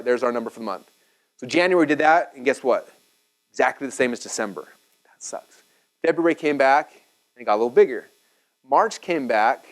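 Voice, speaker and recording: A man in his thirties teaching a business seminar at a whiteboard, energetic and chatty, checking in with "okay?" and "right?". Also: medium pitch, poor audio. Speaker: speaker teaching business marketing.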